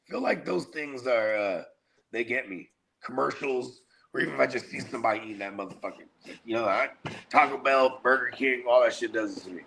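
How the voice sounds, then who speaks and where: A man's voice: medium pitch, a little fast, gravelly, a bit bright. A middle-aged man, a podcast host, telling stories in loose, profane casual chat. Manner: profane, laid-back storytelling.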